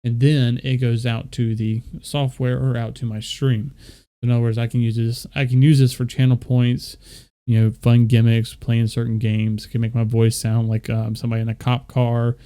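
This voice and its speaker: With a warm, smooth, medium-pitched voice, the streamer keeps a level tone and moderate pace. He rambles casually with fillers while showing viewers his mic settings on screen.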